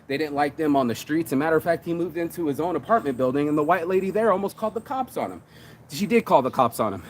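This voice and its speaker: Fairly high-pitched, expressive and quick, a man speaks over a light hiss or hum. The entrepreneur and shirt designer hypes himself up in a casual motivational business monologue, full of slangy street talk, regular cursing and repeated "bro."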